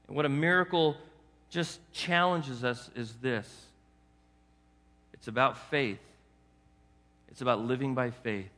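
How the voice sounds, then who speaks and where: A man in his fifties delivers an animated sermon, chatting with the room and dropping into short acted voices. His voice is bright and forceful and sits a little high. A long hall reverb trails after every phrase. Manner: animated, conversational preaching with quick acted asides. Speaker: pastor.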